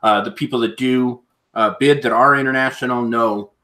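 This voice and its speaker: A man's voice: mid-range voice, steady tone, moderate pace, sharp tone. A man hosting a live auction stream, chatting casually in an easygoing, rambling way. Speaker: auction show host.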